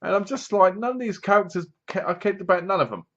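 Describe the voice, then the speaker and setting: A man's voice: high voice, quick pace, fairly bright tone, lo-fi sound, a little hiss or hum. Sarcastic man reviewing a film. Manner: sarcastic, mocking, meandering. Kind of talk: casual rambling film review.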